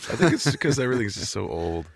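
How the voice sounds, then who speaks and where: A man's voice: fairly low pitch, very animated, quick pace, creaky, breathy edge, dry recording. A middle-aged American man from St. Louis, chatting as a podcast guest with dry, wry jokes. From St. Louis, Missouri, USA. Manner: dry, joking, wry asides. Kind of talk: casual interview chat.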